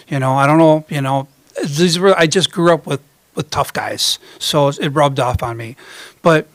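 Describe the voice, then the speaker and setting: A man's voice: on the high side, no echo. A middle-aged man and ukulele performer telling rambling, self-mocking stories between songs on a coffee house stage. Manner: chatty, rambling, self-mocking, many fillers. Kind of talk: storytelling stage banter.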